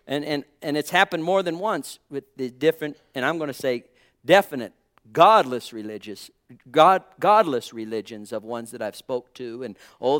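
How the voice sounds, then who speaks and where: A man preaching a sermon with fervent calls that drop to quiet, halting reflection. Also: on the high side. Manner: fervent, swings between loud exclamations and quiet reflection; halting, with frequent uh and um.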